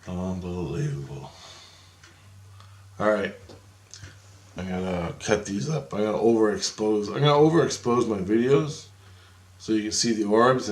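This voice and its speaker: Low-voiced man rambling in an echoey room. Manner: profane, repeats phrases, acts out his own quotes. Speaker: paranormal vlogger. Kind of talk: casual rambling monologue. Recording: echoey room with faint ambience.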